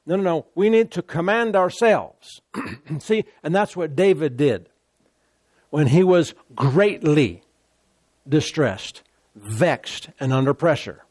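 A man's voice: a little high, lively intonation, slow, a little mellow, no echo, studio quality. A man preaching a sermon who speaks emphatically and keeps repeating key phrases.

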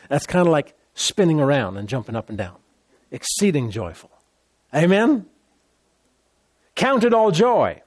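A man's voice: medium pitch, darkish tone, no echo. Male preacher, sermon, emphatic with repeated phrases, dry close sound.

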